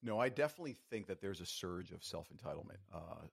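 A man's voice: low-pitched, very animated, quick pace, vocal fry, breathy edge, no room sound, clean studio sound. A man speaking as an interview guest, in an emphatic, motivational way. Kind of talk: casual interview talk.

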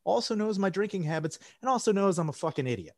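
A man's voice: sits high, animated, fast talker, no room sound, clean studio sound. A man chatting casually on a podcast, telling a long, profane story full of "like" and acted-out quotes.

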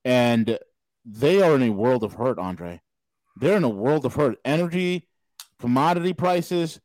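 A man's voice: mid-range voice, animated, darkish tone, no room sound, rough recording. A male podcast host talking casually in an interview, emphatic and scornful in his remarks. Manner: emphatic, scornful, quick agreement.

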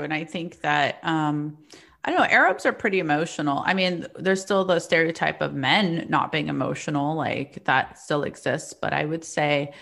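A woman's voice: low-pitched, gravelly, fairly bright tone. A woman comedian from the United States, talking frankly and reflectively as a guest in a casual podcast chat.

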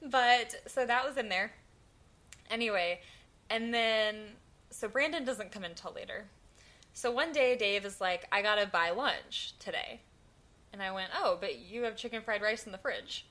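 A young woman with a bright, medium-pitched voice tells a story at a normal pace. She's a podcast co-host in casual chat, an animated storyteller who laughs often.

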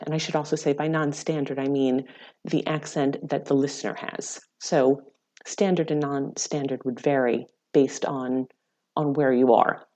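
A woman psychology lecturer, a podcast guest, explaining her research in a measured, explanatory way. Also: low-pitched, mellow. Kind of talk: academic podcast interview.

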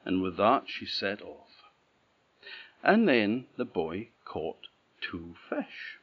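A man from Orkney with an Orcadian Scottish accent, telling a folk tale in an unhurried, rhythmic way. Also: low-pitched. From Orkney, Scotland. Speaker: storyteller. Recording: dull lo-fi recording.

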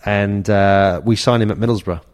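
A man's voice: fairly low pitch, steady tone, normal speed. A man, a former footballer and podcast co-host, telling anecdotes in casual chat. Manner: anecdotal, acts out quotes with raised voice.

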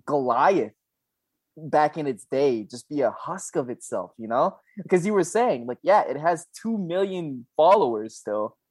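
Animated young man in casual podcast chat. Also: a little high, unhurried, husky, no room sound. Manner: rambling, laughing, swearing often. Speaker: podcast co-host.

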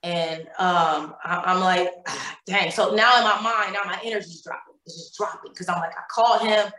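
A woman's voice: on the low side, normal speed, bright, forceful tone, reverberant, poor audio. A woman from Cleveland, Ohio, telling a painful personal story as a podcast guest, repeating words and acting out quoted dialogue.

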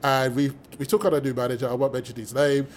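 A British man, a mathematician guest, telling stories with lively energy, acting out the voices of people he quotes and laughing as he goes. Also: medium pitch, quick pace, a little hiss or hum. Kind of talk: animated storytelling in conversation.

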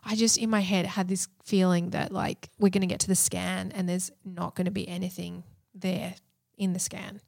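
Gravelly young woman. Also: lowish voice, level tone, normal speed, hardly any pauses, darkish tone, no echo, clean studio sound. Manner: laughs often, emotional and chatty. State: pregnant. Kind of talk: casual chat about pregnancy.

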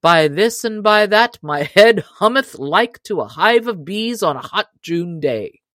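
A woman voicing a hearty, laughing outlaw man in an audiobook, speaking loud, jovial old-fashioned lines. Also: mid-range voice, animated, unhurried, no echo.

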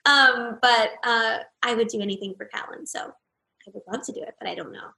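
A young American actress chatting as an interview guest, telling stories in a lively, animated way. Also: female voice, fairly high pitch, fairly quick, creaky. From United States. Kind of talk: casual interview chat. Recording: roomy echoey sound.

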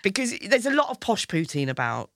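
Bright-voiced chatty woman, dry studio sound. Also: mid-range voice, sing-song, a little fast, no echo. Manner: chatty, laughs often, restarts. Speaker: comedian guest. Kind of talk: casual chat.

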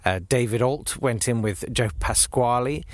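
Male podcast host, casual and rambling, mid pitch, dry outdoor recording. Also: unhurried, no room sound. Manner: rambling, self-interrupting. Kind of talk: casual chat. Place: outdoors in a muddy field.

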